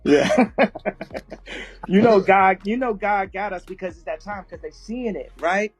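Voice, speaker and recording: High-voiced man laughing through a story. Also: measured pace, breathy edge, soft background music. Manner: laughs constantly while telling a story. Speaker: guest speaker on an audio chat room. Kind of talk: casual live chat storytelling.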